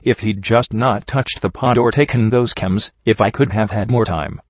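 A gentle, earnest pegasus doctor, voiced by a man in a low register, reassuring her patient in soft, matter-of-fact tones. The recording is dry and slightly dull, as from a home audiobook setup. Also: normal speed, no room sound.

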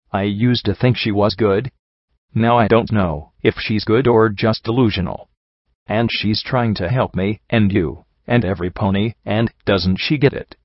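Guy reading a tired bitter pony mare, low voice, sighs a lot, dry muffled recording. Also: no echo. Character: troubled young mare pony, weary and bitter. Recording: dull lo-fi recording.

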